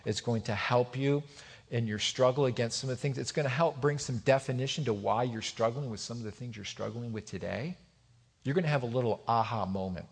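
A pastor preaching a sermon, swinging from loud emphatic exhortation to quiet asides to the congregation. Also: male voice, medium pitch, fairly quick, creaky, husky.

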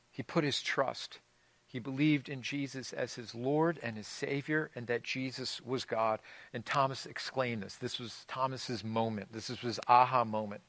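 A medium-pitched, fairly bright voice, with no room sound, belongs to a man preaching as pastor. He tells conversational stories with a touch of humor, regularly restarting phrases and repeating words.

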